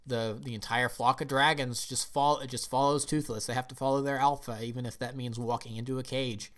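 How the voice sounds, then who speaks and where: An enthusiastic man retelling a film's story for his review channel, his voice sitting at a middle pitch. He talks casually and keeps restarting his sentences as he goes. Plain everyday delivery, like a fan talking through a favorite movie. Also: fairly even intonation, fairly quick, fairly bright tone. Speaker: film reviewer.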